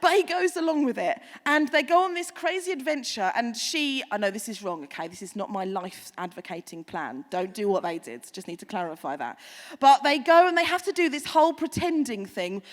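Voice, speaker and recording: A woman pastor giving a sermon, chatty and animated, with playful asides to the congregation. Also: on the high side, fairly quick, big-room sound.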